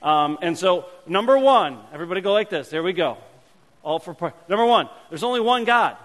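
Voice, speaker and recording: A man, a pastor, teaching a congregation a playful hand-gesture game in his sermon, shifting between lively calls and quiet asides. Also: sits high, fairly quick. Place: church sanctuary. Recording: long hall reverb.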